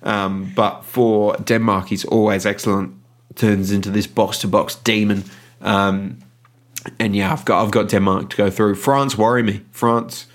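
A man co-hosting a casual football podcast, rambling with lots of ums and restarts. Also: fairly low pitch. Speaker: podcast co-host. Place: lives in Adelaide.

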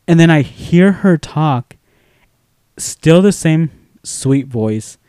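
A young man co-hosting a podcast, telling a story in casual chat, animated and swearing freely as he acts out quoted voices. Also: on the high side, takes it slowly, clean tone, no echo, clean studio sound. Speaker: podcast co-host.

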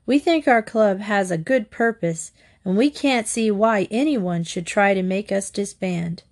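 A woman voicing a steady, responsible teenage boy in a storybook reading, calm and firm. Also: medium pitch, unhurried, lightly acted.

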